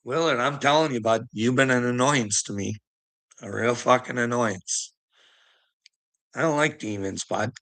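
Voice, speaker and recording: Gravelly, sharp-voiced man ranting and laughing. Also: medium pitch, a little slow, long pauses. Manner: ranting, swearing, breaking into laughter; taunting, addresses the listener as bud. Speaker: vlogger. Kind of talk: profane ranting monologue.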